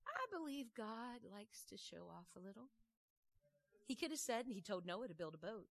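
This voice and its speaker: Animated woman preacher, slightly high voice. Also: moderate pace. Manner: animated, conversational, asks the crowd questions; folksy phrasing. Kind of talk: sermon with storytelling.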